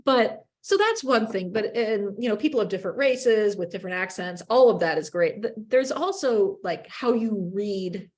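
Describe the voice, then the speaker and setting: A woman with an upper Midwestern accent talks as a radio journalist being interviewed. Her pitch sits at an ordinary middle height. She speaks in lively quick bursts and keeps correcting herself mid-sentence. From upper Midwest of the United States. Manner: chatty and animated, quick bursts with self-corrections and laughs. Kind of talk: casual interview answers.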